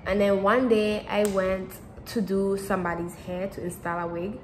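A teenage girl talks casually to camera, circling back and repeating herself with plenty of fillers. Her pitch sits in the middle range, and a faint hum of background noise runs under the recording. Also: little pitch movement, normal speed, rough recording. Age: teens. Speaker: vlogger.

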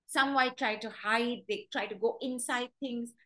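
Woman with a fairly high voice teaching. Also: fairly even intonation, a little slow, fairly bright tone, low-quality recording. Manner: storytelling, acts out dogs' thoughts in quoted voices. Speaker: dog trainer. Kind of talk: webinar talk.

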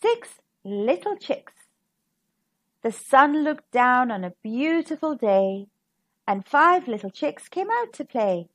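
A woman's voice: high voice, sing-song, takes it slowly, fairly bright tone. A woman reading a rhyming picture book aloud to children in a sing-song, rhythmic way. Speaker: storybook reader. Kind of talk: children's storybook read-aloud.

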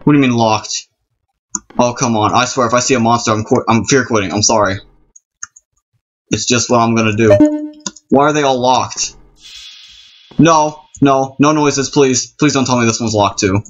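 A man's voice: mid-range voice, brisk, long pauses. A man giving nervous let's-play commentary on a horror game at home at night, rambling, apologizing and repeating himself. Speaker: gamer playing a horror game. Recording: dull lo-fi recording over game music. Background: game music.

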